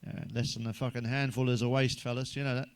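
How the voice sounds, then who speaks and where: This stand-up comedian talks fast in a smooth, mid-range voice with a flat delivery and vocal fry. His monologue is crude and chatty, packed with swearing and aimed directly at the listener.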